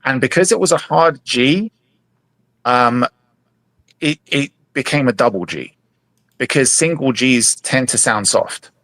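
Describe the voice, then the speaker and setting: Male podcast guest, mid-pitched, halting explainer, dry sound. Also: lively intonation, fairly bright tone, no room sound. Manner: explaining at length, hesitant restarts. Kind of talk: casual podcast discussion.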